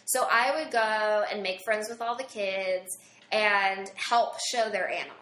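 Bright, animated woman telling stories. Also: mid-range voice, unhurried, roomy sound. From Southern Illinois. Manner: animated storyteller, acts out quotes. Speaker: guest. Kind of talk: casual interview chat.

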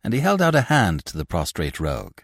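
A man narrating a classic novel for a podcast in a theatrical, expressive manner, close to the mic. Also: deep voice, brisk, vocal fry, no room sound.

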